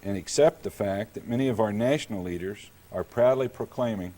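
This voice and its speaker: A middle-aged man from Kansas, a mayor, delivering a prepared public lecture in a measured, deliberate storytelling manner. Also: on the low side, mellow.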